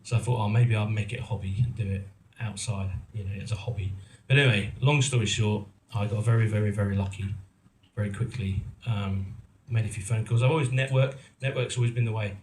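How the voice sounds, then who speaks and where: A man's voice: lowish voice, fairly even intonation, fairly quick, hardly any pauses, a little mellow, reverberant, a little hiss or hum. A middle-aged man from England, an actor and producer, tells his story casually to a live audience, rambling and self-mocking with lots of ums and restarts. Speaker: actor and producer giving a talk. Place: event venue in a roomy hall.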